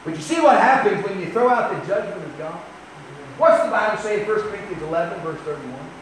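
An older man preaching a storytelling sermon to a congregation, emphatic, swinging from loud outbursts to quiet asides. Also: high-pitched, animated, fairly quick, slight background noise. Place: church sanctuary. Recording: very echoey, distant mic.

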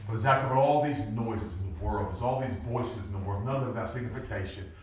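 Shouting preacher in an echoey church. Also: male voice, on the low side, fast, recorded from a distance, a little hiss or hum. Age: 40s. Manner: animated preaching, rising to shouts at peaks. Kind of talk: sermon. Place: church sanctuary. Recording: echoey room, voice from off-mic.

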